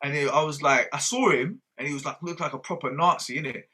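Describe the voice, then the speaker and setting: A man's voice: on the high side, quick pace, bright, forceful tone. A man telling stories in casual podcast chat, swearing freely and quoting people. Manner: swears freely, storytelling with quoted dialogue. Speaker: podcast co-host.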